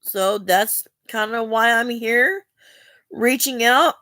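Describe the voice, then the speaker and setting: A woman's voice: a little high, takes it slowly, sharp tone, no room sound. A woman, talking earnestly and in a rambling, heartfelt way to her viewers, asking for help. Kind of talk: emotional personal talk to camera.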